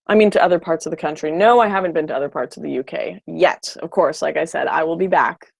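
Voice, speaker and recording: A woman chats casually on a livestream, reacting to viewer comments with blunt, opinionated remarks. Her voice sits on the lower side for a woman and sounds dry and close, with no room echo. She often restarts her sentences as she talks. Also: fast talker, creaky, breathy edge. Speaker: livestream host.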